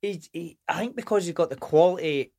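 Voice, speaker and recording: A Scottish man in casual podcast chat, enthusiastic and quick to agree with the other speaker. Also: fairly high pitch, darkish tone. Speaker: podcast guest. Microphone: studio microphone.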